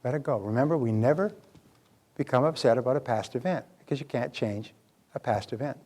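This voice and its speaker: A man's voice: medium pitch, a little fast, darkish tone. Earnest older man lecturing a seminar. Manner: earnest, conversational, asks the audience questions. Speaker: seminar speaker. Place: live seminar before an audience.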